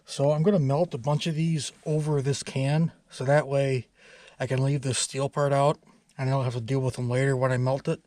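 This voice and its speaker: A man narrating his own truck repairs in a relaxed, rambling way with many fillers. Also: mid-range voice, normal speed, no echo. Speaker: DIY truck repair vlogger. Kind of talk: casual workshop narration.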